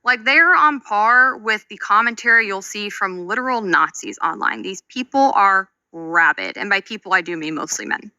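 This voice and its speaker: A woman's voice: mid-range voice, animated, moderate pace, hardly any pauses, sharp tone, no echo. A woman commentator speaking with indignant disbelief as she reads out online comments. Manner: indignant, incredulous. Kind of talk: video commentary.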